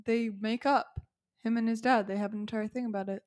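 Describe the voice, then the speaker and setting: A woman co-hosting a podcast, playful with quick quips. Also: on the high side, fairly even intonation, darkish tone. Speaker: podcast co-host. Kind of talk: casual chat.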